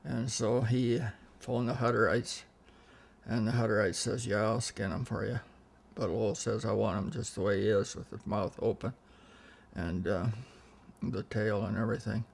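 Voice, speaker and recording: A man's voice: lowish voice, steady tone, moderate pace, creaky, breathy edge. An older man telling rambling family anecdotes in a casual interview, often restarting his sentences and quoting what others said. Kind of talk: casual storytelling.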